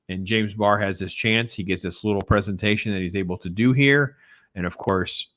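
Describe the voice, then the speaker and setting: Low-voiced enthusiastic man chatting. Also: a bit bright, dry recording, clean studio sound. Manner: enthusiastic, rambling, lots of fillers. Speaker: comic book collector. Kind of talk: casual video chat.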